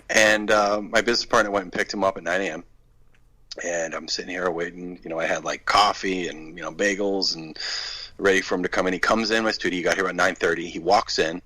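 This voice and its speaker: A man's voice: low voice, steady tone, fairly quick, sharp tone, poor audio. A man, a film director telling a story in a casual interview and acting out the quoted dialogue.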